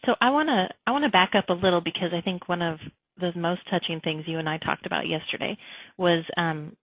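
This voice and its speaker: A woman hosts a webinar, listening closely and murmuring agreement as her guest talks. Her questions come out long and loosely strung together. Her voice sits a little low, and the sound is close and dry. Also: brisk, dry recording, rough recording. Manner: attentive, frequent soft backchannels, rambling questions. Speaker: webinar host, interviewer. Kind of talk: conversational interview. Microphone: webinar call mic.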